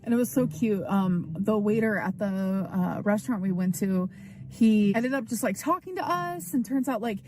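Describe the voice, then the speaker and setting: A woman's voice: mid-range voice, expressive, moderate pace, a little mellow, slight background noise. A woman talking casually to her camera as a vlogger, chatty and full of "like.". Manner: chatty, peppered with "like". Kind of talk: casual vlog chat. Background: background music.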